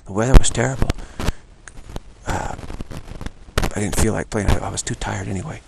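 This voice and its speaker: A low, gravelly male voice wanders through an informal spiritual talk and slips into acted-out dialogues. Loud noise runs under everything. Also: moderate pace. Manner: rambling, acts out dialogues. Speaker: spiritual teacher.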